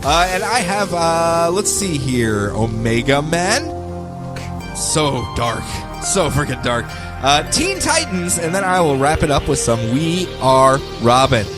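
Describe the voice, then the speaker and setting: A man hosting a podcast, animated and laughing as he recaps and acts out comic scenes. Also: fairly high pitch, measured pace, music in the background. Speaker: podcast host. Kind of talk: casual chat recapping comics.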